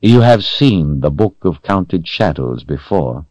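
A man voicing a cold, commanding male sorcerer lord who speaks in a calm, measured, menacing way. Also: deep voice, dry recording, full character voice.

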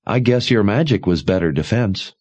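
Audiobook: male narrator playing an earnest young woman, lifted pitch. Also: lively intonation, normal speed, a little mellow, slightly rough. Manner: questioning, earnest. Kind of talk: audiobook character voice.

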